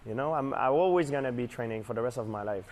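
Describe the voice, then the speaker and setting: A man with a French-Canadian accent, a native French speaker, speaking over the phone as a guest, halting with many fillers. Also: mid-range voice, a little mellow. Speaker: guest athlete. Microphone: telephone.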